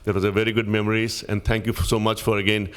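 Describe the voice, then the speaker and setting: A man giving quick public-comment thanks with halting, broken phrasing. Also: fairly low pitch, little pitch movement, clean tone.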